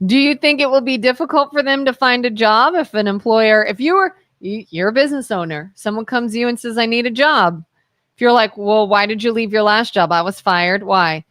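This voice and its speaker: A woman co-hosting a live talk radio show, animated as she retells stories and acts out quotes. She asks her co-host pointed questions. The sound is close and dry, with no room echo. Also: on the high side, brisk.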